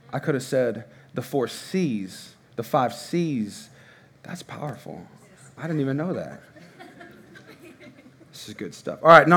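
A man in his thirties preaching a sermon in a church, casual and conversational with sudden loud bursts. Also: a little high. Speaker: pastor. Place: church hall before a congregation.

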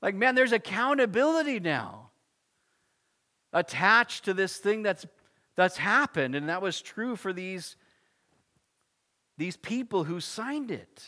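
A man preaching an expository sermon, reading scripture and explaining it in a casual, animated way with asides. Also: high-pitched, slow pace, pauses often. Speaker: pastor.

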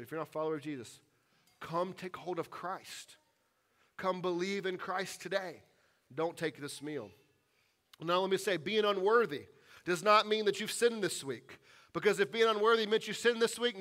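A man with a fairly high voice preaching to his congregation. He is earnest and deliberate. He slows right down on the weighty lines and falls to a near hush to land a point. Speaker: pastor. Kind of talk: sermon and closing prayer. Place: church sanctuary.

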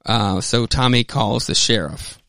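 A man's voice: medium pitch, unhurried, bright, forceful tone, dry recording, clean studio sound. A man hosting a podcast, loosely retelling a comic's story in a casual, rambling way with frequent fillers and restarts. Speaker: podcast host. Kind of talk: casual comic book recap.

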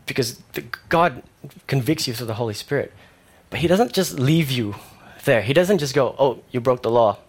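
A young man preaching a sermon in a conversational way, with fillers and animated stories. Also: medium pitch, normal speed, breathy edge.

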